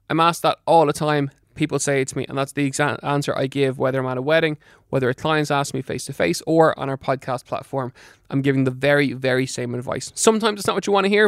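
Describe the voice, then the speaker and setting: A man's voice: medium pitch, fairly bright tone, no room sound, studio quality. A middle-aged man giving fitness and diet advice on a podcast, emphatic and practical, doubling words for stress. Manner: brisk, practical coaching. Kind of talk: advice talk to listeners.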